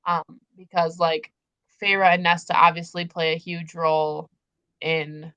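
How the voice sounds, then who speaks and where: A woman's voice: on the low side, level tone, a little slow, bright, forceful tone, clean tone, highs cut off. A young woman hosting a casual book chat livestream, gushing and emphatic as she talks through the story. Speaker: host.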